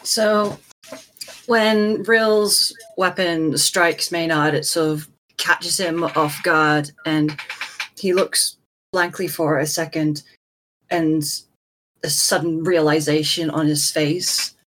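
Low slow-talking woman playing a tabletop game, deliberate. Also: fairly even intonation, a bit bright. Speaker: player. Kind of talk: casual tabletop game play.

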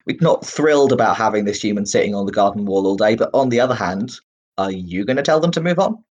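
A man narrating as game master in a relaxed, rambling way with many fillers. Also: fairly low pitch, fast talker.

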